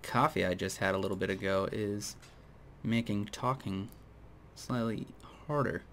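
A man with a low voice gives casual gameplay commentary and wanders into opinionated tangents aimed at his viewers. His throat sounds dry and needs frequent clearing. A faint hiss sits under the recording. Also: measured pace, a bit bright. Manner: rambling, opinionated tangents, addresses viewers directly. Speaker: gaming video host.

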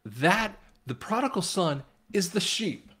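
A man's voice: high-pitched, very animated, slow pace, bright, forceful tone, husky. A man giving informal Bible teaching, rambling with restarts and retelling scripture in a casual, conversational way.

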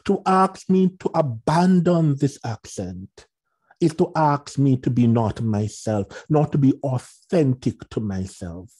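A man's voice: a little high, warm tone, slightly rough. A man with a Jamaican accent, a minister speaking earnestly and reflectively, often repeating words as he searches for them.

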